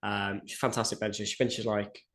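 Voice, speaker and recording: A young man co-hosting a podcast, talking casually and animatedly about coaching, with lots of "like" and the odd swear. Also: on the low side. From Britain. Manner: quick, animated storytelling with swearing and filler "like". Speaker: powerlifting coach and podcast co-host.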